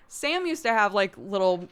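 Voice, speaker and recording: With a smooth, medium-pitched voice, this young American livestream host keeps things casual, talking to her viewers and laughing frequently.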